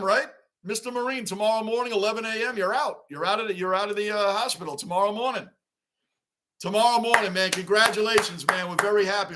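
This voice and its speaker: A man's voice: sits high, fairly bright tone. A man hosting a sports livestream, chatting casually and animatedly with viewers by name. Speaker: livestream host.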